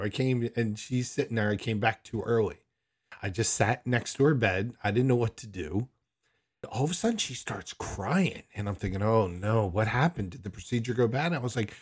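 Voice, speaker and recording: A man's voice: on the low side, lively intonation, moderate pace, darkish tone, husky. A man telling a personal story in a candid, rambling way, often questioning himself. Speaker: son recounting a hospital visit.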